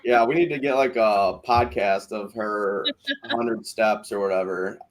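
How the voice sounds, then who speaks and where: A man's voice: fairly low pitch, steady tone, unhurried. A man hosting a podcast recap of a reality show, chatting casually, swearing freely and acting out quotes from the cast. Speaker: podcast host. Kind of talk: casual chat.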